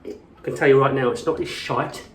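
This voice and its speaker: A man's voice: mid-range voice, steady tone, moderate pace, background noise. Ranting, foul-mouthed man in an echoey room. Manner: rambling, profane and ranting. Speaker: vlogger. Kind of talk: casual chat. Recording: echoey room, mic at a distance.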